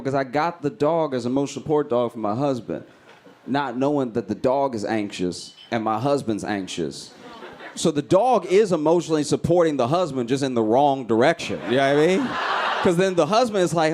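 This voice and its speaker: A male stand-up comedian telling a story on stage with a slightly high-pitched voice. He is animated and often breaks into loud, shouted voices. The live recording carries clear room noise with clicks around him. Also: normal speed.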